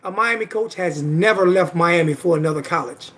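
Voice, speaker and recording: A man's voice: on the high side, brisk, noisy background. A man in his forties hosting a live sports show, trading heated trash talk and hammering his points through repetition. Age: 40s. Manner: argumentative, loud, repeats himself for emphasis. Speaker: host.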